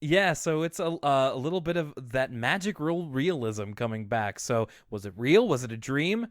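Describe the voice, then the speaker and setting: A man's voice: mid-range voice, lively intonation, moderate pace, no echo, studio quality. A young man co-hosting a casual podcast, chattily recapping a cartoon episode and acting out the lines. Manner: chatty, laughs easily, acts out quotes. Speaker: podcast co-host.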